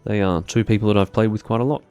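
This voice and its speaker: A man with a very low, gravelly voice talks through a live game session in a loose, rambling way. He drifts into dry, self-deprecating asides. Faint game music runs quietly underneath. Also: steady tone, fast talker. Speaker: gaming streamer. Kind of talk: live gameplay commentary.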